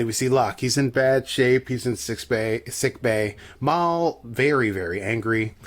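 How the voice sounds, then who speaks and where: A man co-hosting a podcast, chatting casually and jokily as he recaps a TV episode with asides. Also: medium pitch. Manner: chatty and jokey, riffing with asides. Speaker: podcast co-host.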